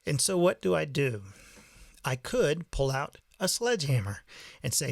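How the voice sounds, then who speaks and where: A man teaches songwriting in a patient, methodical way. His voice has a gravelly edge, and the sound is dry, with no room echo. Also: mid-range voice, expressive, measured pace. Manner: patient, methodical explaining with analogies. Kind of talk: explanatory video lesson.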